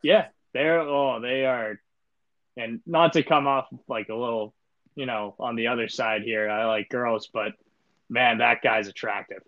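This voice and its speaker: A man chatting loosely on a sports podcast, speaking at a middling pitch and drifting through filler words and deadpan jokes. The sound is dry and a little dull, as if from a simple home mic. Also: unhurried, no echo. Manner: laid-back, rambling with many fillers, deadpan joking. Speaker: podcast co-host. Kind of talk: casual sports podcast chat.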